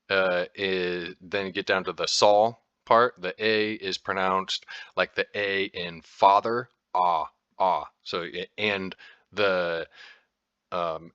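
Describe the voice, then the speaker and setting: American guy rambling casually on his podcast, bit low voice, dull dry sound. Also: sharp tone, clean tone, no room sound. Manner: rambling, with frequent fillers and restarts; informal, occasionally profane. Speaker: podcast host. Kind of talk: casual explanatory talk.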